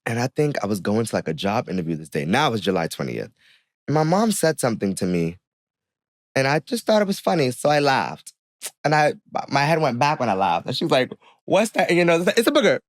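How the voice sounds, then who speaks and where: A man's voice: mid-range voice, fairly quick, no echo, studio quality. A young man, a podcast guest, telling a personal story in casual chat and acting out the people he quotes. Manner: animated storyteller who acts out the people he quotes.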